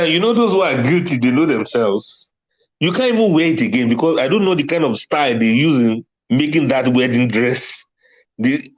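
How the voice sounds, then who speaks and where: A man's voice: mid-range voice, highs cut off. A man giving a religious talk on letting go, emphatic and often laughing at his own points. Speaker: Islamic speaker.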